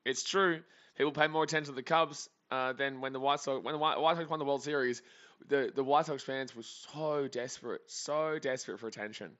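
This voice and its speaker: Bright, chatty man streaming. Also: mid-range voice, fairly even intonation, brisk, muffled recording. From Australia. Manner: chatty, rambling, jokey. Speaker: sports streamer. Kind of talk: live game reaction commentary.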